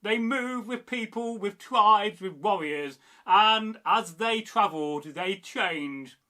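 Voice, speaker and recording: Slow, dramatic man narrating. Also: sits high, lively intonation, sharp tone. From English Midlands. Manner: measured, dramatic delivery in short phrases. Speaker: history presenter. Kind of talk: scripted narration.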